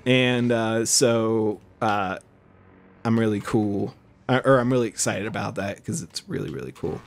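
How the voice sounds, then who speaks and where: A man's voice: medium pitch, unhurried. A man hosting a let's play, rambling through casual gameplay commentary with self-deprecating jokes.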